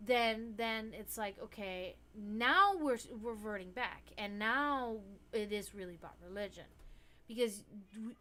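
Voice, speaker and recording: A tired-sounding woman hosts a casual livestream, rambling with lots of restarts and fillers and slipping into high baby talk for her cats. Her voice is pushed and bright, her pace measured.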